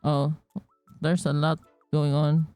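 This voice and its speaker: A woman's voice: sits low, level tone, takes it slowly, warm tone, smooth, dry recording, faint music behind. A woman streamer chatting casually as she looks back over game clips, giggly, loose and swearing freely. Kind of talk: casual chat while reviewing game clips.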